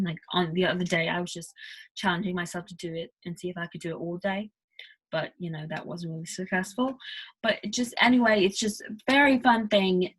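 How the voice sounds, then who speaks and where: A woman's voice: mid-range voice, slightly rough. A woman from the United States hosting a casual tutorial video, chatty and rambling, with lots of fillers. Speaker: video host teaching accents.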